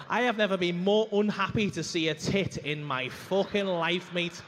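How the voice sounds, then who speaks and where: Sweary high-voiced comic. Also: male voice, normal speed, few pauses. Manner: sweary, animated, acts out dialogue. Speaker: stand-up comedian. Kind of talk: stand-up storytelling. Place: comedy club stage. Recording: live club room with faint ambience.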